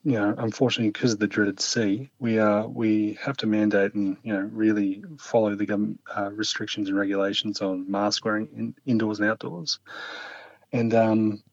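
A man speaking as an interview guest, telling a personal story in a calm, earnest, reflective way. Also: on the low side, normal speed, no room sound, dull audio.

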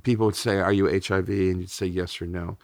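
A man's voice: sits low, flat delivery, fast talker, gravelly, a little mellow, no echo, studio quality. A middle-aged man from Texas, a podcast interview guest, telling personal stories candidly and emotionally with blunt language.

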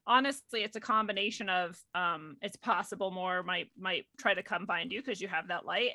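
A woman's voice: medium pitch, bright, forceful tone. A woman talking earnestly in a casual spiritual conversation, often saying "like" and laughing easily.

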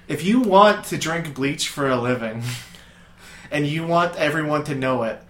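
A man co-hosting a podcast in casual comedic chat, rambling and profane, breaking into shouted bits. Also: fairly high pitch, animated, a little slow, slight background noise. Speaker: podcast co-host. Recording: echoey room.

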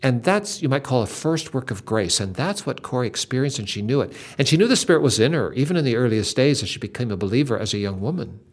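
A man's voice: medium pitch, very animated, fast talker, hardly any pauses. An older man hosting a Christian talk, earnestly retelling a story with dramatic emphasis. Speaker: Christian podcast host.

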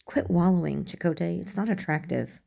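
A woman reading a fan fiction audiobook, voicing a fierce, blunt but tender woman engineer who talks in a brisk way. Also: on the low side, vocal fry, dark tone. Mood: firm.

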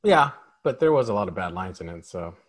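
A man's voice: low-pitched, sing-song, fairly quick. A man co-hosting a film review podcast, griping emphatically and casually about a movie. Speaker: podcast co-host.

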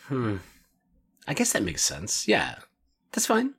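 A male podcast co-host in loose, casual conversation. He rambles, restarts his sentences and leans on fillers, at an average pitch for a man. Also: wildly swooping pitch, slow pace, gravelly, a bit bright, breathy edge. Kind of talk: casual chat.

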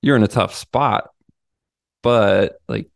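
Gravelly low-voiced podcast host. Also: male voice, slow pace, dry recording, clean studio sound. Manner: relaxed, hedging with "like". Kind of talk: casual interview.

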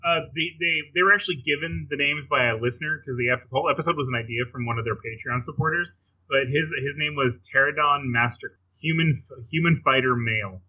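A man with a husky, tense and sharp voice rambles through a casual podcast chat. He keeps restarting his sentences and laughs as he talks. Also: mid-range voice, fast talker, low-quality recording. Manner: rambling, restarts phrases, laughs while talking. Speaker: podcast co-host.

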